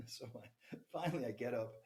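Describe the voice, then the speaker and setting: A man's voice: mid-range voice, normal speed, mellow. A man telling a candid personal story as a podcast guest. He talks animatedly and keeps asking "right?".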